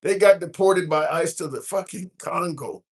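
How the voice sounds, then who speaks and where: Man from the Midwest, livestream host, chatty, reads comments aloud, slightly high voice. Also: moderate pace. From American Midwest. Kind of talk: casual live-stream chat. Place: cruise ship at sea.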